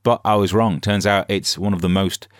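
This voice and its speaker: Casting: comedy podcast host, low-voiced, deadpan and sarcastic, dry studio sound. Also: male voice, normal speed, no room sound. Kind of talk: scripted satirical news comedy.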